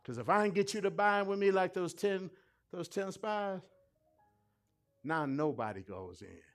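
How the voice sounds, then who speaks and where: A man, preaching a sermon that swings from quiet asides to loud, rising peaks. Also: high-pitched, sing-song, normal speed, soft background music.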